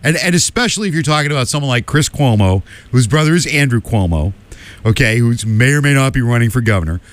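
Male radio talk host, combative and emphatic, very lively pitch, mid-range voice. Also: fast, dry recording. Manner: combative, emphatic, keeps asking "okay?". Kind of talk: opinion monologue.

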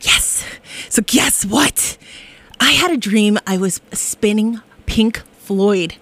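A woman's voice: mid-range voice, slow pace, a bit bright, dry recording. A woman hosting a college radio show, giddy and exuberant, laughing often and whooping in a studio. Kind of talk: bubbly radio chat.

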